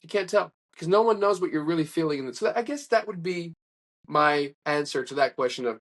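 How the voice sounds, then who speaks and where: A man's voice: a little high, fairly quick. A man being interviewed, telling stories in a casual, rambling way with many restarts and quoted dialogue. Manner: rambling, animated anecdotes with restarts and acted-out quotes. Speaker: interview guest. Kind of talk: casual conversational storytelling.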